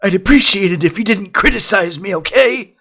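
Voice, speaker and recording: A man's voice: high voice, sing-song, slow pace, pitched above the performer's own voice, exaggerated voice. A man voicing his touchy young male cousin, who sounds defensive.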